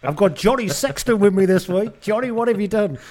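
A man's voice: high voice, lively intonation, a little fast, darkish tone, pitched above the performer's own voice. A man putting on a cheesy male TV game-show host voice, with over-the-top showbiz announcing. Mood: hammy.

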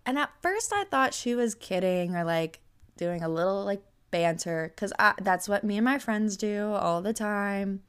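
A young woman hosting a podcast, telling a story in a casual, animated way with lots of "like" and incredulous asides. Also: medium pitch, a little slow, smooth. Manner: animated, incredulous, heavy use of "like". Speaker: podcast host.

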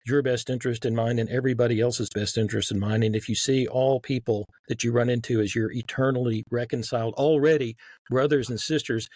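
A man's voice: mid-range voice, steady tone, fairly quick, a little mellow, dry recording. A man with a light Southern drawl talks through his argument in an earnest, explanatory way, often restarting a phrase before pressing on. His voice sits in a middle register and sounds close and dry, with no room around it. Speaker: guest author. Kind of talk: casual podcast conversation.

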